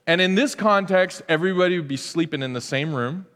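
A man in his thirties preaching a sermon in an animated way, acting out quoted prayers and cries. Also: fairly high pitch, brisk. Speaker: pastor. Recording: long reverb of a large hall.

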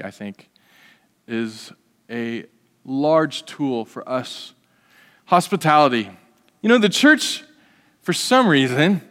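A man preaching a conversational sermon as pastor, animated, with humorous asides. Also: mid-range voice, big-room sound.

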